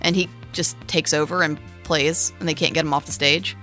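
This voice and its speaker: A woman's voice: sits low, steady tone, moderate pace, sharp tone, faint music behind. A woman co-hosting a podcast, telling a story in a chatty way, trailing off and restarting as she goes. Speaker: podcast co-host. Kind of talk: casual chat.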